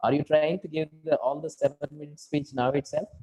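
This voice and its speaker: A man's voice: on the high side, steady tone, a little fast, mellow, poor audio. Man, Indian English accent, speaking coach, video call, explanatory, repeats fillers. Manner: explanatory, repeats "you know" and "okay, right". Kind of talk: online class feedback.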